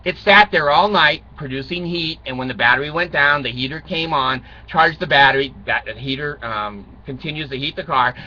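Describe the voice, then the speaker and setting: A man's voice: on the high side, normal speed, hardly any pauses, sharp tone. An older man telling rambling, self-mocking comic stories, swearing and chuckling, on a dull lo-fi recording. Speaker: vlogger.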